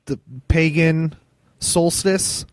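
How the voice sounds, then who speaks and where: A man's voice: fairly high pitch, steady tone, very slow, clean tone, no echo. A man hosting a fantasy football podcast in a casual, rambling chat, swearing freely and restarting his sentences. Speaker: podcast host.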